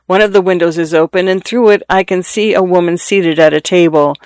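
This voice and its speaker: A man voicing a sorrowful statue of a prince in a storybook reading, speaking low and gently. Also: steady tone, brisk, clear, resonant tone, no room sound. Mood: mournful.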